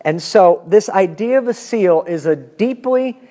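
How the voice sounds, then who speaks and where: A man in his fifties teaching a Bible class in a conversational lecture style, animated and chatty with asides to his students. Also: measured pace. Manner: animated, pitch swinging up when emphatic.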